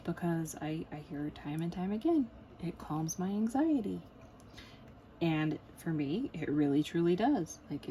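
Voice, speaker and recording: A woman's voice: low voice, dark tone, slight background noise, low-quality recording. A woman in a casual, rambling chat while she works on a diamond painting at home, with lots of fillers and small laughs. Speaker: crafting vlogger.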